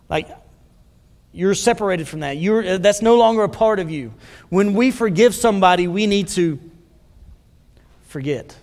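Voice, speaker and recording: A man's voice: sits high, lively intonation, unhurried, pauses often, in a large hall. A man preaching a sermon as a pastor, talking in a conversational way and putting questions to the congregation. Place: church sanctuary.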